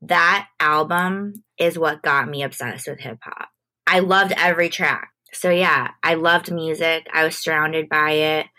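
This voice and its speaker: Low, slow-talking woman. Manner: relaxed, unhurried, casual with frequent "like". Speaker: guest, entertainment manager. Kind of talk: conversational interview storytelling.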